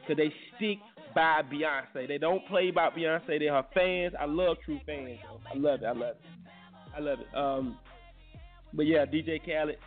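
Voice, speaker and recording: A man hosting a casual morning talk show, loud and teasing, joking and swearing freely. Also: fairly high pitch, moderate pace, narrow, tinny audio, faint music behind. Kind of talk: casual call-in chat.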